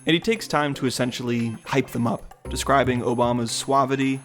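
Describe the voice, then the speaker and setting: A man giving measured, analytical scripted narration for a video essay. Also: mid-range voice, music in the background.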